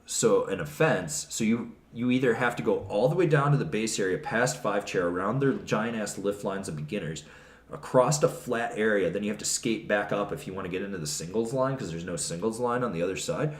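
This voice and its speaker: A man's voice: on the low side, brisk. A man as a podcast guest telling stories in a blunt, profane, ranting way, recorded in an echoey room. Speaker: podcast guest, snowboard reviewer. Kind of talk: casual interview storytelling. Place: trade show.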